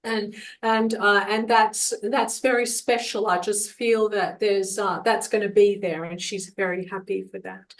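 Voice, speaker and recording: A middle-aged woman talks her way through a live psychic reading for a group. Her voice sits at an everyday, middle pitch. She is chatty and affectionate and laughs easily as she goes. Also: level tone, a little slow, rough recording. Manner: chatty and affectionate, laughs often, calls people darling. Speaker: psychic medium.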